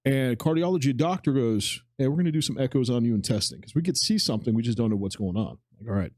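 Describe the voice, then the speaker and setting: A man in his forties talks at a quick clip, tumbling from one point to the next as he tells a personal story on a podcast. His voice sits dark and mellow, and the sound is dry and close with no room around it. He acts out other people's lines as he goes and lets a casual swear slip now and then. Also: medium pitch, lively intonation, no room sound. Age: 40s. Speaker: podcast co-host. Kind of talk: casual chat.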